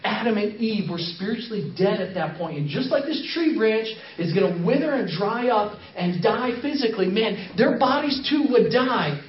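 A man giving an animated storytelling sermon as a missionary guest speaker, acting out dialogue as he goes. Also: high-pitched, normal speed, few pauses. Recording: echoey hall from far off, dull.

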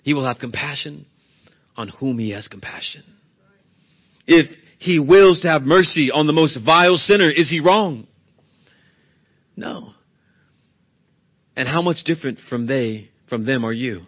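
A man preaching a sermon as pastor, swinging between loud emphatic peaks and hushed, low passages. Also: lively intonation, normal speed, muffled recording.

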